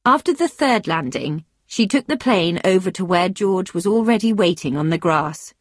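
Woman narrator, audiobook story, husky voice, very slow, dry close recording. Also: fairly low pitch, expressive, no echo.

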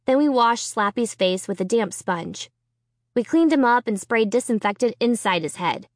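A woman narrating a chapter book aloud in expressive storytelling. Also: moderate pace, dry recording, studio quality. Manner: expressive storytelling with lively pitch. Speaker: audiobook reader. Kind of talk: scripted narration.

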